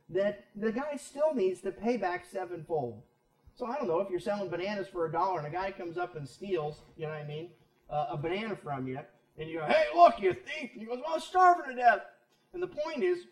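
A pastor with a high-pitched male voice teaches from the Bible in a conversational, animated way, fairly quick and darkish in tone, driving his points home with rhetorical questions. He sounds far from the mic in an echoey room.

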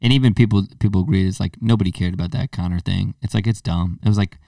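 A man's voice: low-pitched, quick pace, vocal fry, no echo, clean studio sound, distant mic. A man hosting a podcast, chatting casually and acting out voices as he tells stories. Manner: animated storyteller, acts out quoted voices. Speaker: podcast host. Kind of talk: casual chat.

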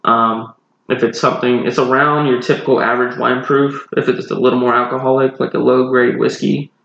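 A man's voice: medium pitch, flat delivery, fairly quick, vocal fry, a bit bright. A man from North Carolina co-hosting a podcast, chatting casually and explaining beers at length with a laid-back, digressive manner. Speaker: podcast co-host. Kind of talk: casual podcast chat with beer reviewing. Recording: roomy, dull lo-fi sound.

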